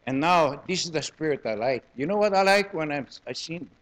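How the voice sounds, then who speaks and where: Animated older man with a Hawaiian Pidgin accent. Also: fairly high pitch, brisk. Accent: Hawaiian Pidgin English. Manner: animated, joking, repeats words in bursts. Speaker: presenter at a community gathering. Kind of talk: lively public talk.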